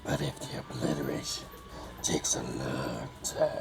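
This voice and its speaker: A man voicing a dim-witted shadowy male minion, a throwaway bad guy, in a slow, strained, deep gravelly growl for a game, with loud music behind. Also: wildly swooping pitch, full character voice. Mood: gruff menace.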